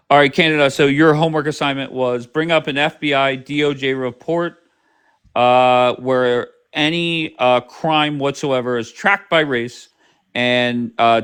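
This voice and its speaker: A man's voice: mid-range voice, fairly bright tone, clear, resonant tone. A man hosting a live stream, talking casually with heavy swearing and a combative, sarcastic manner. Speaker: livestream host. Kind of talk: casual profane livestream chat.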